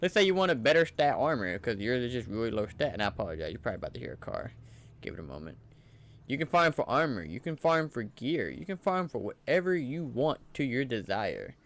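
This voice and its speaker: A man's voice: medium pitch, big pitch swings, a little fast, fairly bright tone. A man giving casual, enthusiastic commentary over gameplay footage in a loose, conversational way. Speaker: gaming channel creator.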